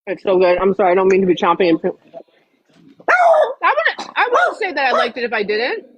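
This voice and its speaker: A woman's voice: medium pitch, very animated, fairly quick, husky, no echo, dull audio. A woman chatting casually on a livestream, blunt and full of swearing.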